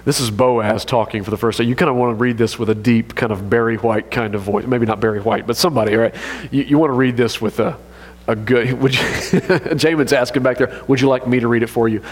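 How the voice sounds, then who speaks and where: A man preaching a sermon as pastor, animated and joking in a conversational way. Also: medium pitch, brisk. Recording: long reverb of a church hall.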